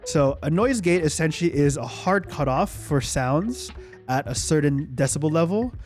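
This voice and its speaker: A man's voice: on the high side, lively intonation, moderate pace, a little mellow, faint music behind. A young man hosting a casual tutorial on streaming audio, chatty and self-demonstrating, talking into a studio mic while EQ changes alter his voice. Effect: live equalizer changes on his own voice. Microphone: studio microphone in a home streaming setup.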